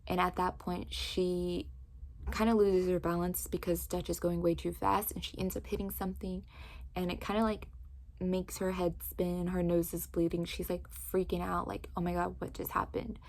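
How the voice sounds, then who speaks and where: A woman's voice: on the low side, normal speed. Woman eagerly recapping a book's plot. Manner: animated storytelling with frequent "like". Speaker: book reviewer. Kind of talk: casual book recap.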